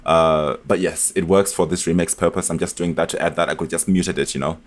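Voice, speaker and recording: A man explaining his music production in a casual tutorial, chatty and relaxed, with frequent fillers and restarts. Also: low voice, a little fast. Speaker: music producer demonstrating a beat remake. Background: beat elements playing from the project.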